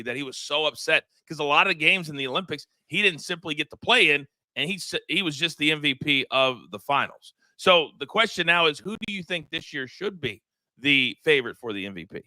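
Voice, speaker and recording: Bright-voiced energetic male sports host. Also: on the high side, no echo. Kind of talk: sports betting show chat.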